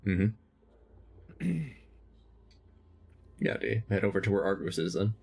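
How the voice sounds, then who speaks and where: A man playing in a tabletop game, animated, switching between his character and table chat. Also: deep voice, slow, breathy edge. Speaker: player.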